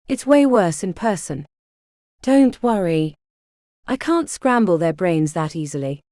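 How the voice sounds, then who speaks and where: A woman's voice: fairly low pitch, lively intonation, unhurried, mellow, dry recording, clean studio sound. Woman doing Ruby, a flirty glamorous streamer. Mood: breezy.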